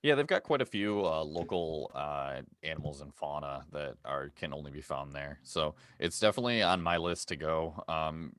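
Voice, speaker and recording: A man co-hosting a travel podcast in loose casual chat, pausing often with fillers and restarts. His voice is very low with a bright, forceful edge, recorded dry and close. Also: no echo. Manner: halting, many fillers and restarts. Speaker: podcast co-host.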